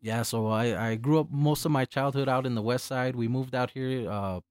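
A man's voice: mid-range voice, steady tone, moderate pace, a little mellow, clean tone, dry recording, studio quality. A man in his forties, a Spanish speaker from birth, from El Paso, chatting casually as a guest, loose and profane with many filler words. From El Paso, Texas. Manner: laid-back, profane, full of filler words. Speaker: guest, hip hop producer. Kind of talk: casual podcast chat.

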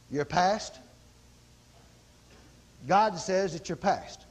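A man's voice: high-pitched, expressive, slow pace, long pauses. A man preaching a sermon in a folksy, dramatic manner, acting out exclamations as he teaches.

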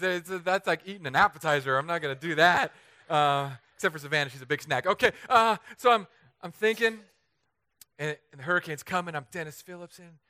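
A man from Southern California preaching a humorous storytelling sermon, animated and self-mocking, acting out the voices he quotes. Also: on the high side, clear, resonant tone, no room sound. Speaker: pastor.

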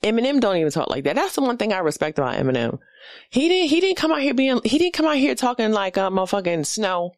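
Talking fast in a slightly high, sing-song voice, a comedian in her forties with a New York accent rants through a casual, profane podcast monologue. She's blunt, and the recording has no echo.

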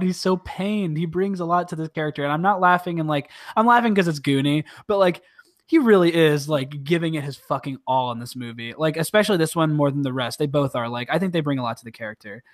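A man co-hosting a casual podcast chat, retelling scenes with lots of swearing and quick mock quotes. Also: on the high side. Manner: profane, animated retelling with quoted voices. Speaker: podcast co-host.

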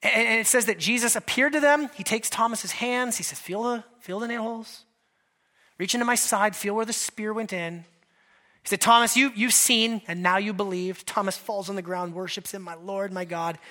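A male pastor preaching a lively, conversational sermon, acting out quotes from scripture figures. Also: sits high, moderate pace.

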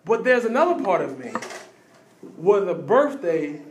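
A man, preaching a sermon in lively bursts with quick asides and repeated phrases. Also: high-pitched, echoey room, background noise. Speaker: pastor.

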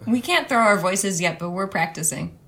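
A woman playing in a tabletop game, eager and excitable. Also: medium pitch, normal speed, crowd noise. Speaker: player. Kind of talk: in-character tabletop play.

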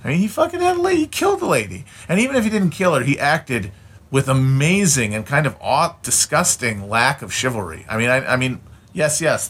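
A man's voice: mid-range voice, fairly bright tone, husky. Blunt, swearing Midwestern man ranting. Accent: Upper Midwestern American. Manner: profane, blunt and opinionated, with frequent restarts. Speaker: streamer. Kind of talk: casual ranting monologue.

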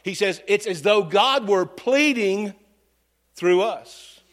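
A man's voice: sits high, lively intonation, slow pace. A middle-aged man preaching a sermon as pastor, telling folksy, humorous stories.

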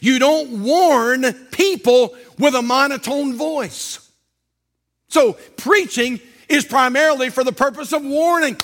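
A man preaching a sermon with a strikingly high voice and a bright, forceful ring. He swings from shouted warnings down to hushed, joking asides as he paces his church platform. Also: unhurried. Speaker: pastor. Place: church auditorium.

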